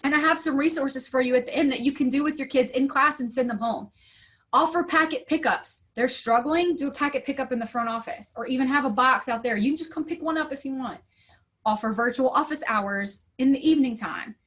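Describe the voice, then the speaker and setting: This is a woman teacher in her thirties presenting to other teachers. Her voice sits somewhat high. She tells classroom stories in an upbeat, storytelling way and slips into lively voices when she quotes people. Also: a little fast. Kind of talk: conference talk.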